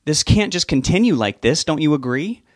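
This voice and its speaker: A man's voice: on the high side, animated, moderate pace, dry recording, studio quality, voice pushed up, lightly acted. A man reading aloud, raising his voice to play a worried, impatient young woman. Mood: pressing.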